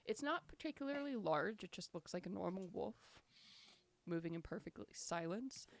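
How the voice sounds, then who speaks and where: A woman narrating as the game master of a tabletop game, describing scenes in an unhurried way with fillers. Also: lowish voice, creaky.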